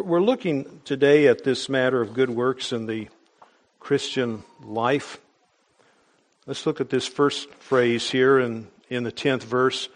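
A man preaching a sermon in a measured, explanatory way, with small restarts as he goes. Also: mid-range voice.

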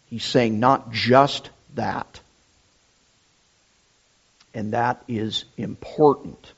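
A middle-aged man preaching a sermon, deliberate and emphatic, repeating his key phrases. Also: mid-range voice, slightly rough. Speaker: pastor. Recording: dull lo-fi sound.

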